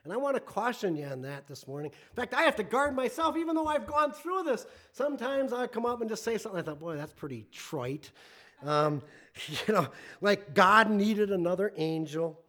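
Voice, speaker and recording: High pitched pastor guy preaching, earnest, gets loud and emotional. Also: animated, brisk. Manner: earnest, rises to emotional near-shouting when quoting scripture. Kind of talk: sermon.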